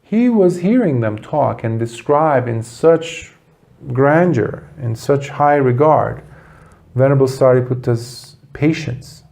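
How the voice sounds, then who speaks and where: A man giving a Buddhist dharma talk, telling a story earnestly with dramatic pauses. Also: mid-range voice, lively intonation, vocal fry, a little mellow. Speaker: Buddhist teacher.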